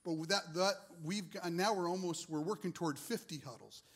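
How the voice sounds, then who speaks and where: A man's voice: sits high, a little fast, breathy edge. A man, a ministry leader, sharing his testimony with a congregation in a casual, rambling way with many fillers.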